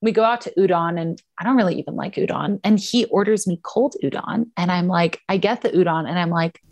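A woman's voice: on the low side, a little fast. A young woman in casual chat, telling a personal story and acting out the lines of others. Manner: animated storyteller, acts out quotes.

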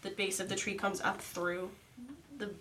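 A woman's voice: mid-range voice, flat delivery, normal speed, pushed and bright, a little hiss or hum. A young woman narrating a tabletop game as game master, casual and rambling. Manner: casual, rambling, laughs often.

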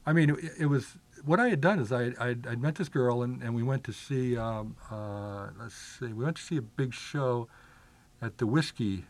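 A man's voice: mid-range voice, moderate pace. An older man telling long rambling stories in a casual chat, full of filler words and restarts. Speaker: guest.

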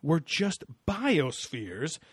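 A man imitating an excited male TV documentary presenter, speaking slowly with an awed, dramatic delivery. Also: a little high, breathy edge, no echo, full character voice.

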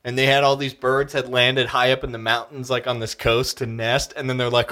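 A young man in casual comedic chat, telling stories in an animated way, acting out quotes and swearing freely. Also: mid-range voice, fairly quick.

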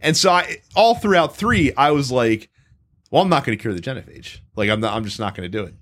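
A man co-hosting a casual talk about video games, with a voice of middling pitch. He tells long stories in a rambling, profane way and stops and restarts often. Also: a little fast. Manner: rambling, profane, animated storytelling with frequent restarts. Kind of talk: casual gaming chat.

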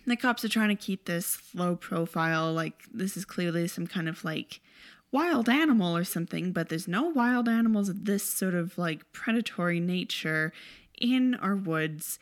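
A woman's voice: lowish voice, expressive, moderate pace. A woman casually recapping a movie plot in a wry, chatty, sarcastic way.

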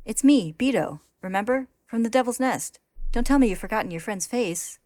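A woman's voice: on the high side, lively intonation, moderate pace, darkish tone, no room sound, pitched above the performer's own voice, lightly acted. A woman voicing a frantic, pleading young man who stammers as he begs an old friend to remember him.

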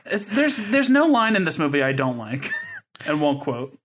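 A man co-hosting a podcast in casual chat, animated and quick to laugh. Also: on the high side, a little hiss or hum. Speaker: podcast co-host.

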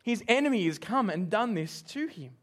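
A man's voice: high-pitched, big pitch swings, normal speed. A man preaching a sermon, emphatic and asking his listeners questions. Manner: emphatic, asks the congregation questions.

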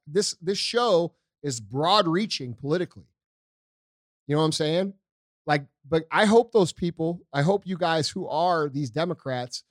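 A man co-hosting a podcast, talking politics in a blunt, profane, animated way. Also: a little high, no room sound, clean studio sound. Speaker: podcast co-host. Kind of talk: casual political chat.

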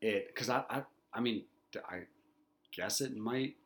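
A man's voice: fairly low pitch, a little slow, fairly bright tone. A man who is a dad, co-hosting a casual podcast chat, rambling with lots of fillers and swearing freely. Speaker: podcast co-host.

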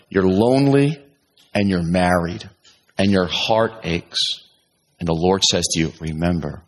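Animated man preaching a sermon. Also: low voice, a little slow. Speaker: pastor.

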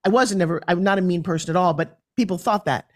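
A woman's voice: on the low side, quick pace. Forthright New York woman telling stories. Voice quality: animated and forthright. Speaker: guest. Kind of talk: podcast interview storytelling.

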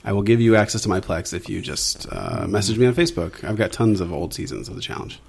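A man's voice: fairly low pitch, fast talker, creaky, a little hiss or hum. A man hosting a podcast, talking casually and rambling with plenty of fillers. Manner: relaxed, rambling, chatty with fillers. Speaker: podcast host. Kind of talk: casual chat.

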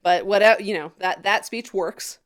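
A woman's voice: medium pitch, unhurried. A woman co-hosting a podcast, recapping a TV episode in casual chat, laughing often and swearing freely.

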